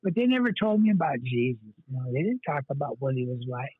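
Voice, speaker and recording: A man's voice: mid-range voice, big pitch swings, fast, breathy edge, no echo. A man, a pastor, earnestly telling his life story in an interview, rambling with many fillers and restarts. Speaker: pastor, guest. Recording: tinny phone-line sound.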